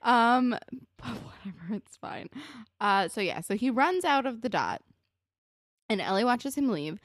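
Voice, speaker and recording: A woman's voice: medium pitch, sing-song, moderate pace, no room sound, studio quality. A young woman from New Jersey co-hosting a podcast, recapping a show in casual chat with sarcastic, laughing asides. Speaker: podcast co-host.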